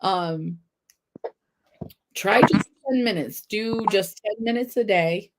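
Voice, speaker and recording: A woman's voice: mid-range voice, slow pace, heavy background noise. A woman hosting a casual trivia livestream, reading out questions, spelling words and laughing at her own slips. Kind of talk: casual chat.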